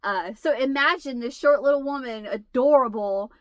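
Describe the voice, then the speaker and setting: A woman's voice: sits high, moderate pace, no echo. Laughing woman telling a story, dry sound. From United States. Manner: laughs through the story, animated. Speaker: channel host. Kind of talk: casual storytelling chat.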